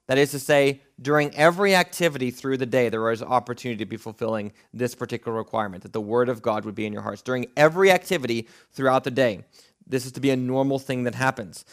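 A man preaching an expository sermon, explaining a passage in an earnest, teacherly way with frequent restarts and fillers. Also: medium pitch.

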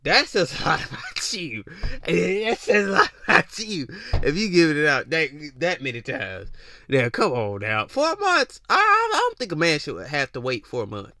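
A man's voice: a little high, wildly swooping pitch, normal speed, bright, forceful tone, dry recording. A young man hosting a podcast, giving a teasing, slangy comedic monologue full of repeats and mock voices. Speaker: podcast host.

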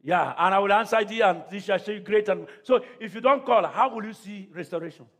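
A man preaching a sermon to a church congregation, calling out questions to the crowd and often shouting. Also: high voice, fairly quick. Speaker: pastor.

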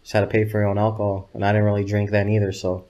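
A man's voice: fairly low pitch, completely flat delivery, racing, dark tone, dull audio. A man telling loose, profane anecdotes as an interview guest. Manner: profane, loose, rambling anecdotes with quoted dialogue. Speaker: guest, videographer. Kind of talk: casual interview storytelling.

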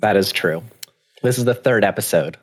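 A man's voice: fairly low pitch, normal speed. Chatty man hosting a live stream. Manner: chatty, many fillers. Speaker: host of a live stream show. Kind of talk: casual live-stream chat.

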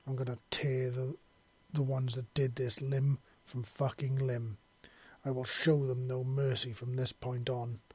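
Male reader as a hulking talking monster: measured, formal, protective, with a low husky tone. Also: flat delivery, darkish tone. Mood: furious. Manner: slow, solemn, formal speech. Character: huge male talking deathclaw, protective, coldly furious.

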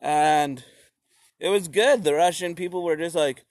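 A man's voice: high-pitched, brisk, no echo, clean studio sound. A young man giving a rambling, profane comedic history rant, full of slips and restarts.

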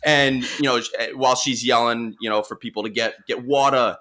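A young man with a Long Island accent tells a story in easy conversation. His voice is bright and forward, and the pitch sits in the middle. He talks casually, repeats himself and restarts often. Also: steady tone, fairly quick. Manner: chatty, many restarts and fillers. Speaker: marine mammal responder.

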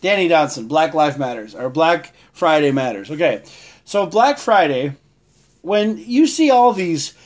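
A man's voice: fairly high pitch, expressive, a little slow. A man hosting a casual live stream, rambling about holidays and shopping, greeting viewers by name and laughing often. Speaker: livestream host.

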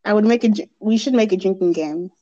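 A woman's voice: medium pitch, quick pace, dark tone. Giggly teen girl, dull lo-fi sound. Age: teens. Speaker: co-host friend. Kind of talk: casual chat.

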